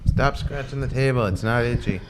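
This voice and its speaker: A man hosting a casual podcast chat, relaxed and joking as he tells a story. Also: medium pitch, fairly quick, very noisy. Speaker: host. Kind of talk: casual chat, telling a joke.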